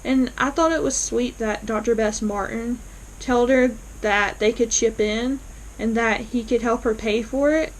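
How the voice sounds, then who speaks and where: A woman's voice: fairly high pitch, a bit bright, slight background noise, low-quality recording. A woman vlogger casually recapping a TV episode, retelling scenes in a chatty way with fillers.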